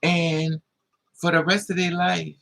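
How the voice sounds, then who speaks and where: A man's voice: a little high, level tone, slow, creaky, fairly bright tone, low-quality recording. A man hosting a livestream tells a personal story to his viewers, casual, blunt and profane, with a lot of feeling in it. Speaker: livestream host.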